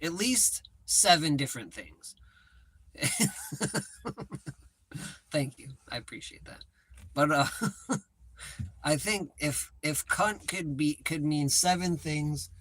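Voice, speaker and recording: A man's voice: fairly high pitch, fairly bright tone. Rambling, profane man streaming live. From United States. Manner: rambling, profane, self-mocking. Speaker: livestream host. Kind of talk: casual live chat.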